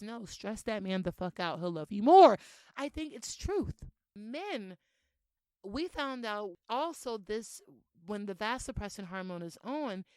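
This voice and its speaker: A woman's voice: medium pitch, smooth, no room sound. A young woman hosting a podcast in a casual solo monologue, brash and heavy on swearing. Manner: brash, profane and animated, with laughs. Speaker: podcast host.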